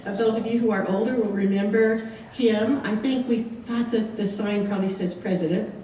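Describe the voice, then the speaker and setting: A woman's voice: medium pitch, steady tone, normal speed, dark tone, slight background noise. A woman giving a casual slideshow talk about her missionary years, chatty with frequent ums. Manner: chatty, many ums, light laughs. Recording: echoey room, distant mic.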